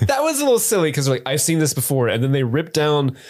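Wry, animated man, podcast co-host. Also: fairly high pitch. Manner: wry joking banter, quick asides. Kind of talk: casual chat recapping an episode.

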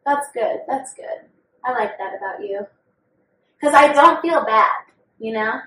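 A woman's voice: fairly high pitch, animated, measured pace, sharp tone. A young woman co-hosting a podcast, talking in a candid, profane, oversharing way about her own life. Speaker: podcast co-host. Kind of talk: candid casual chat. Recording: roomy sound from a distant mic.

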